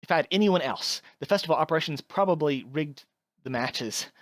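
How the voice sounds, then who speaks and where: A woman's voice: low voice, animated, brisk, no echo, studio quality. A woman playing a bratty hot-headed girl. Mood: angry. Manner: whiny, brash, swearing. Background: music.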